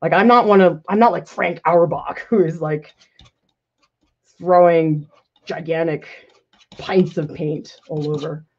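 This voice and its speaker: A woman art teacher talks through a live painting demo in a relaxed, self-critical way, laughing now and then as she answers viewers. Her voice sits on the low side, and the recording sounds slightly dull and lo-fi. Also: unhurried, long pauses, husky. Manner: casual, self-critical thinking aloud, laughs often. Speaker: art professor. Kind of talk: live painting demonstration with chat questions.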